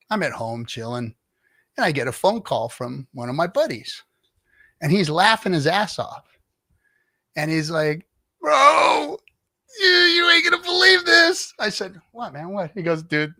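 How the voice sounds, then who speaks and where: A man's voice: medium pitch, fairly bright tone, no room sound. A middle-aged man chatting casually on a livestream, spinning a long anecdote and acting out other people's lines. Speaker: livestream guest telling stories. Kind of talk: casual storytelling chat.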